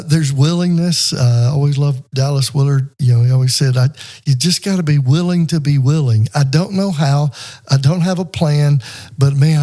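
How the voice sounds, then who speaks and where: Mellow-voiced man telling stories. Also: fairly high pitch. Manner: storytelling with acted-out voices, many fillers. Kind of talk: casual conversation.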